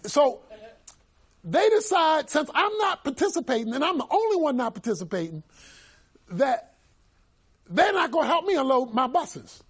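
A male pastor preaching a sermon, telling stories animatedly, with bursts of shouting. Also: extremely high pitch, big pitch swings, normal speed, pauses often.

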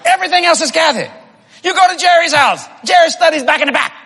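High-voiced laughing preacher, man. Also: fast, creaky, big-room sound, a faint crowd. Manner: animated, laughing, often shouting, comic storytelling. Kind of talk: humorous sermon to a congregation. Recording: live audience laughter and room noise.

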